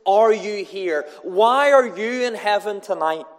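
A man voicing a frustrated heavenly supervisor who presses a newcomer with quick questions. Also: sits high, in a large hall, pitched above the performer's own voice. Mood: questioning.

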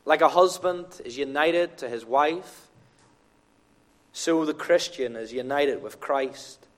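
A man's voice: fairly high pitch, slow pace. A man preaching a sermon at a baptism service in church, earnest and emphatic, repeating his key phrases. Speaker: pastor.

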